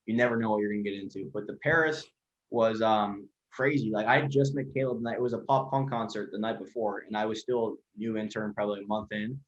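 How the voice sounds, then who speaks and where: A man tells stories at a rapid clip, rambling and swearing freely as a podcast guest. His voice sits a little low. The recording sounds dull and lo-fi. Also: steady tone. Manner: rapid, rambling, heavy filler and profanity. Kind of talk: casual storytelling. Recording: lo-fi dull audio.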